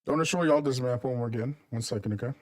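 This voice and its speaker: A man's voice: mid-range voice, racing, a little mellow, recorded from a distance. A man giving casual political commentary to his viewers, talking in a sarcastic, mocking, conversational way.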